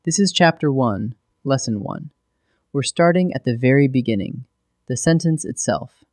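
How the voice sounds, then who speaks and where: Male narrator for a scripted school lesson; patient, clear explainer, recorded dry. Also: mid-range voice, animated, normal speed, darkish tone, no room sound. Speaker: grammar teacher.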